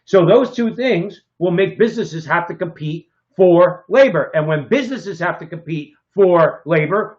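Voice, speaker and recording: A man co-hosting a political talk show, his voice pitched a little high for a man. He talks emphatically and keeps adding a pushy "okay?" to drive points home. The sound is slightly dull and lo-fi. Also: unhurried, few pauses, a little mellow. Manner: emphatic, repeats "okay?" for stress. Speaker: co-host.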